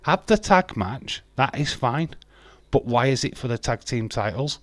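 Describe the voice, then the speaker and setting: A man's voice: mid-range voice, lively intonation, a little slow, a bit bright, no echo. A man chatting casually on a live stream, greeting viewers, laughing often and swearing freely. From England. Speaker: wrestling watch-along streamer.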